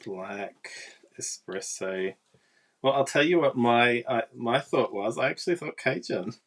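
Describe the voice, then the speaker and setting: Chatty woman hosting a craft demo; unhurried, with a lot of pitch movement. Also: lively intonation. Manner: chatty, talks with viewers. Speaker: papercraft demonstrator. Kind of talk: casual live craft demonstration.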